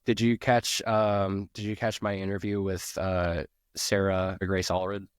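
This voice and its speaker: A man's voice: low voice, level tone, unhurried, clear, resonant tone, dry recording, studio quality. A man speaking as a podcast guest, rambling earnestly and filling his sentences with "like". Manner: rambling, earnest, heavy use of "like", restarts. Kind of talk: podcast interview.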